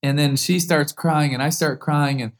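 A man's voice: a little high, normal speed. Earnest man telling a heartfelt story. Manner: earnest, heartfelt, grows lively as the story builds. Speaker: guest, former pro football quarterback. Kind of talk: personal storytelling in an interview.

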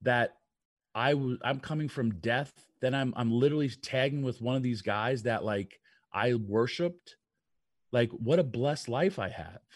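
Older male radio co-host, rambling storyteller, middle pitch, dry close sound. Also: unhurried, dry recording. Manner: rambling storyteller, lots of fillers. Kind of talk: casual radio talk.

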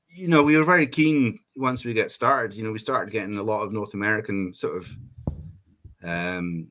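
A man's voice: on the low side, fairly bright tone. A Scottish man from Scotland, a podcast guest, explaining things steadily with plenty of fillers. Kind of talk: casual chat.

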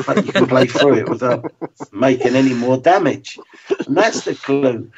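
A man in his sixties, a former footballer, talking frankly and in a measured way as an interview guest. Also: medium pitch, crowd noise. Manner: frank and plain-spoken, measured. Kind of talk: reflective interview talk. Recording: slightly dull lo-fi sound.

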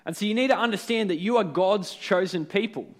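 A man's voice: high voice, a little fast. A man giving a casual devotional talk as a preacher, conversational and often checking in with tag questions.

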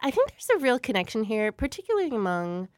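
A woman's voice: on the high side, sing-song, fast, smooth, dry recording, studio quality. Upbeat woman hosting an interview. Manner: upbeat, laughs often. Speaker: podcast host. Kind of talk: casual interview chat.

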